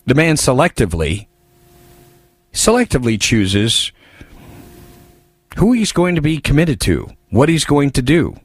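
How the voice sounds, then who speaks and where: A man's voice: medium pitch, big pitch swings, unhurried, pauses often, slightly rough, no room sound. A man hosting a political talk radio show, reading listener messages with wry asides.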